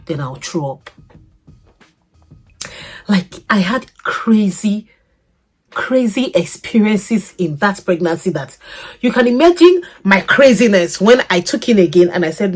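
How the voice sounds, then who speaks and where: Young woman, vlogger telling a story with big swings in pitch, a slightly husky voice. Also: a little slow, long pauses. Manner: animated, laughing, swings between loud outbursts and soft asides. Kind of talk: casual storytelling to camera.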